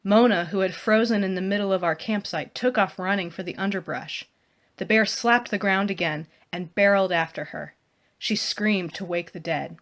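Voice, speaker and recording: Lady author reading her own novel, first person, quiet steady storytelling, mid-pitch voice. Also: normal speed. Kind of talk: first-person fiction narration.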